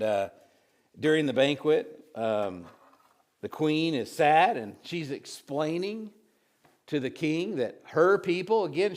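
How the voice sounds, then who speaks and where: In a slightly mellow voice of medium pitch, this pastor delivers a relaxed, chatty sermon. He reads from ancient scripture, then retells it by acting out the voices, often starting over and breaking off for side comments.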